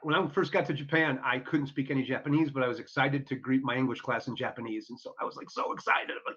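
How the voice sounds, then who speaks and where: A man's voice: medium pitch, quick pace, few pauses, fairly bright tone. Upbeat man telling stories, lo-fi sound. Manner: earnest and upbeat, acting out quoted speech in his stories. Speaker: podcast guest. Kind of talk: casual storytelling interview. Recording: dull lo-fi audio.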